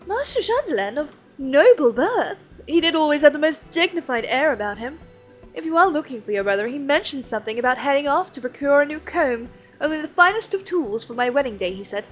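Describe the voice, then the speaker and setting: A woman's voice: sits high, expressive, a little fast, faint music behind. A woman voicing a chatty, cheerful townsperson in a game.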